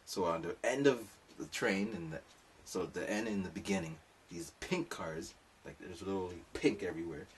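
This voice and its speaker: A man's voice: low-pitched, normal speed, distant mic, a little hiss or hum. A man telling a rambling, comic story in a casual monologue, full of asides. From lives in Japan.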